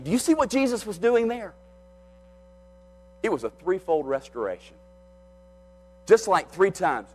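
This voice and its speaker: Animated male preacher telling a story. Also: high-pitched, unhurried, pauses often, low-quality recording. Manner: storytelling, acting out the quoted lines. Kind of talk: sermon.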